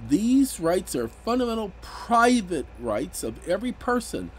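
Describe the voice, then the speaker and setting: A man talking through legal points in a casual commentary, his pitch swinging up high whenever he gets indignant. His delivery is emphatic and animated, over a faint hiss of background noise. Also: measured pace, poor audio. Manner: emphatic, rises sharply when indignant.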